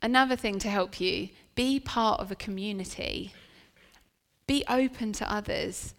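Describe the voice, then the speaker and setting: A woman's voice: mid-range voice, measured pace, creaky. A woman preaching a sermon in a church venue, telling a personal story in an earnest, chatty way with frequent restarts. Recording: long reverb of a church hall.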